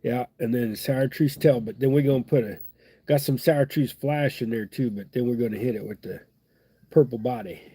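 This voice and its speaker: Stuffed up middle-aged guy rambling folksy while he ties flies, husky mellow voice, dry sound. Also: medium pitch, normal speed, no echo. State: stuffed-up nose. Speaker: fly-tying livestream host. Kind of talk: casual live fly-tying chat.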